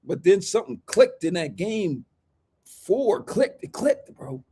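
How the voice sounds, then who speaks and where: A high-voiced man talking basketball with a hyped, preachy swagger. He speaks, and his delivery keeps rising into loud, animated riffs. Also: slow, husky. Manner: hyped, preachy, swings into shouting impressions. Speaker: podcast co-host, basketball fan. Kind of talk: animated sports chat.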